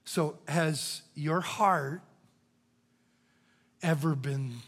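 An older man preaching a sermon as pastor, moving from loud cries to hushed whispers. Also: on the high side, measured pace. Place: church sanctuary. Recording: church hall reverb.

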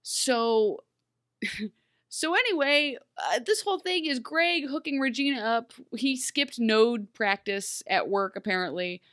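A woman in easy conversation, breaking down a TV episode with a co-host. She talks in a lively, rambling way, full of fillers and quick asides. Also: a little high. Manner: animated, lots of "like" and quick asides. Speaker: podcast co-host. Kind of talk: casual TV recap chat.

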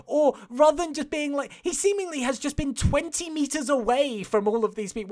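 A man's voice: very high-pitched, fast talker. A man co-hosting a podcast, recapping a film in casual chat, incredulous and swearing as he laughs through it. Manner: animated, incredulous, swears and laughs while retelling. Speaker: podcast co-host.

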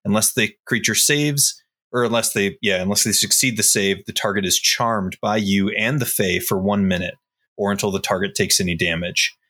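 A man's voice: lowish voice, steady tone, normal speed, pushed and bright. A man playing a tabletop game, eagerly explaining his spell and its rules at length. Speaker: player. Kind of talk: casual tabletop game play.

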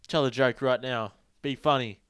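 A man's voice: medium pitch, steady tone, normal speed, a bit bright, smooth, no echo, studio quality. A young man co-hosting a casual podcast, cracking crude jokes and swearing. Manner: crude jokes, swears, says mate and bloody. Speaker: podcast co-host. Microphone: podcast microphone.

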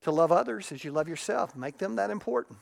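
A pastor preaching in a relaxed, conversational way, dropping into soft, confiding asides and then lifting the voice for emphasis. Everyday characters are acted out mid-sentence. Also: mid-range voice, fast, creaky. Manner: shifts often between soft asides and raised emphasis. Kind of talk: sermon.

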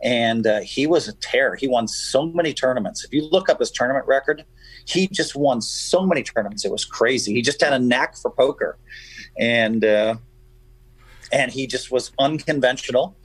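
A man guesting on a radio show, telling stories in an animated, emphatic way. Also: mid-range voice, normal speed, breathy edge, no room sound, poor audio. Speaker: guest poker player. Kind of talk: casual radio chat, storytelling.

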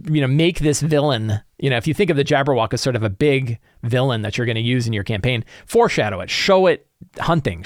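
A man casually sharing advice as a tabletop game master, animated and acting out his players' reactions. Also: medium pitch, no room sound, studio quality. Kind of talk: casual tips talk.

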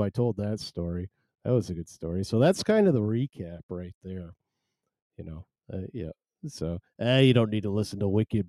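A man's voice: on the low side, dark tone, dry recording. A man hosting a solo live stream, chatting in a rambling, wry, self-deprecating way.

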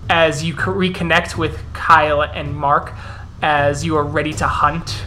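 A man's voice: on the high side, flat delivery, measured pace, pushed and bright, faint music behind. A man narrating a tabletop role-playing game as game master.

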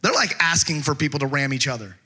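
A middle-aged man preaching a sermon as pastor, telling stories with humor and slowing down to stress scripture. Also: a little high, bright, forceful tone. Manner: conversational storytelling with humor.

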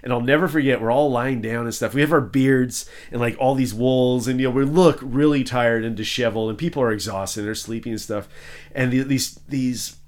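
A man hosting a podcast in casual chat, telling self-mocking stories and acting out other people's lines. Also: brisk. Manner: animated, self-mocking, acts out quotes in high voices. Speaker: podcast host.

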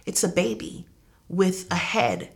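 A woman's voice: on the low side, big pitch swings, unhurried, vocal fry. A young adult woman, a grieving mother, giving earnest, intense personal testimony in an interview, acting out what others said. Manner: earnest, intense, reenacts dialogue.

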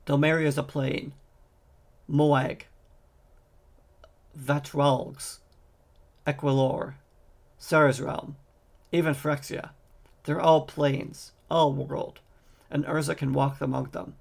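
A man voicing a guarded, sharp-tongued woman scholar in a fantasy audiobook, without changing his voice. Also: fairly high pitch, flat delivery, takes it slowly, creaky, pauses often, full character voice. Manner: plain reading voice, little change from narration.

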